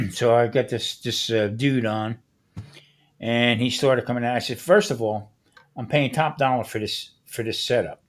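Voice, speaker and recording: A man chatting casually on a podcast, telling stories in an animated way and acting out what people said to him. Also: mid-range voice, unhurried. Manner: animated storyteller who acts out the people he quotes.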